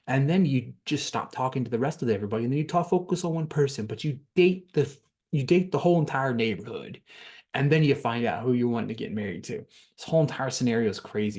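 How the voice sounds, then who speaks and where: A man's voice: mid-range voice, darkish tone. Casual rambling male podcast recapper. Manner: rambling, repeats words, frequent ums and cursing. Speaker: podcast host recapping a reality show.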